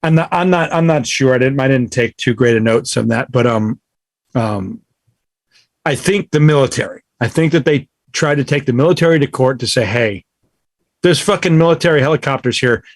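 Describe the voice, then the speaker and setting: A man's voice: medium pitch, normal speed, no echo. A man co-hosting a podcast, telling a story in casual chat, with frequent restarts and laughs. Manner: rambling storyteller, restarts, laughs often, swears. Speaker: podcast co-host.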